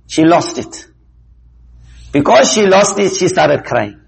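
A man teaches a religious lesson through stories, speaking slowly and with care. His voice sits a little high and has a husky edge. He slips into the voices of the people he quotes, giving their lines some life. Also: low-quality recording. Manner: slow, deliberate, acts out quoted speech in a lively way. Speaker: Islamic teacher. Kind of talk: religious talk with storytelling.

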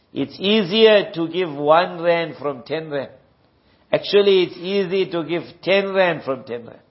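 A man from South Africa preaching a sermon, telling stories and reciting Arabic verses. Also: fairly high pitch. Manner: storytelling with Arabic recitations, acting out characters. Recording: dull lo-fi recording.

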